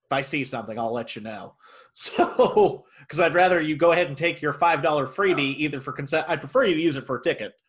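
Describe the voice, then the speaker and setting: Animated man telling a work story. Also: fairly high pitch, brisk. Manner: animated storyteller who acts out quotes. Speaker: movie theater worker. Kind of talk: casual podcast chat.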